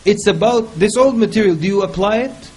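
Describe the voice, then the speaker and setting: A man speaking on a panel, giving advice in a lively, humorous way and mimicking people in quick quoted asides. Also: high-pitched, rough recording. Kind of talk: casual panel talk.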